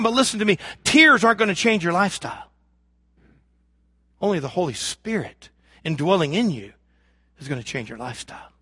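A man preaching a sermon as pastor, swinging from loud emphasis to hushed lows and acting out imagined prayers. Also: dry recording, studio quality. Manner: acts out imagined prayers and voices of the congregation.

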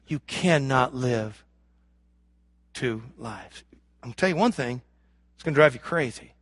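A man preaching a sermon as pastor, swinging from loud emphasis to hushed lows and acting out imagined prayers. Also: lively intonation, a little slow, dry recording. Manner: acts out imagined prayers and voices of the congregation.

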